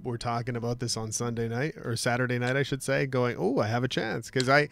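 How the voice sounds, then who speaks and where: A man hosting a sports talk show, telling stories in a lively, casual way. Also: mid-range voice, a little fast, gravelly, soft background music. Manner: animated storytelling with laughs.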